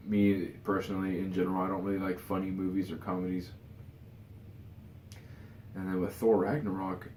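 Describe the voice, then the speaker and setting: A tired man with a deep, warm voice shares casual opinions in a rambling vlog, full of "you know" fillers and restarts. The sound is roomy, with slight background noise.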